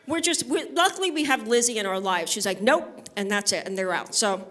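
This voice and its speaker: On a live music studio stage, a Brooklyn, New York woman performs stand-up comedy, chatting conversationally and bantering with the audience. Her voice is medium in pitch, fairly quick, and fairly bright.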